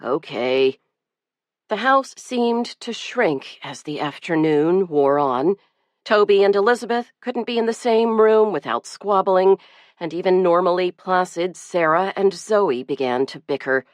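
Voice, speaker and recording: A woman narrating an audiobook in an expressive, lively reading. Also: lowish voice, unhurried, no echo. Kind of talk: scripted narration.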